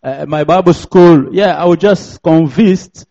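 French-accented man preaching slowly. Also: on the high side, dark tone, lo-fi sound. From DR Congo. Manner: slow, repetitive, laughing often. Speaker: guest preacher. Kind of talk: sermon.

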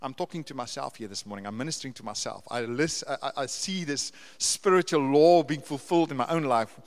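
A man's voice: mid-range voice, brisk. A man, preaching a conversational sermon to a church, building up to emphatic repeated lists. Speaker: pastor. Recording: long reverb of a church hall.

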